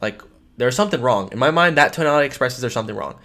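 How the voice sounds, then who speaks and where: A man's voice: medium pitch, lively intonation, quick pace, fairly bright tone. A man teaching life insurance phone sales in a training lesson, emphatic and repeating his key points.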